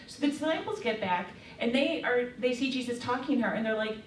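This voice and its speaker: A woman's voice: fairly high pitch, expressive, brisk, a little hiss or hum. A woman giving a casual faith talk to young women, telling a story in a chatty way with lots of fillers. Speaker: speaker. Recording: echoey room, mic far off.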